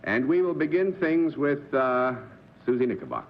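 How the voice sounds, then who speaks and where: A man's voice: mid-range voice, big pitch swings, moderate pace. A man hosting a live TV game show, formal and genial. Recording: dull old TV broadcast with faint hiss.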